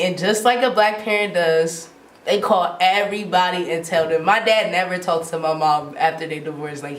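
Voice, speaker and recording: A woman in her twenties telling a casual storytime, animated and slangy, with lots of filler "like". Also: lowish voice, a little hiss or hum. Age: 20s. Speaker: vlogger. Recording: roomy sound from off the mic.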